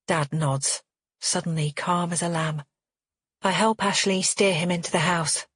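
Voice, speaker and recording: A woman reading a first-person thriller audiobook in an even, measured way. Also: fairly low pitch, slightly rough, no room sound, studio quality. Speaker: audiobook narrator.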